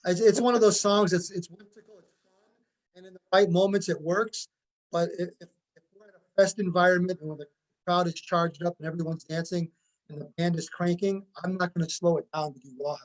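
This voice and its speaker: High-voiced man explaining at length. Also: fairly even intonation, fairly quick. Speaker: tribute band musician. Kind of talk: casual interview chat.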